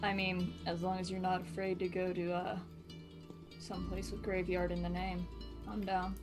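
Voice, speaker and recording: A laid-back woman at a tabletop game with a dry delivery. Her voice sits on the low side. Background music plays behind her. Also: little pitch movement, normal speed. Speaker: player. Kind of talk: casual tabletop role-play.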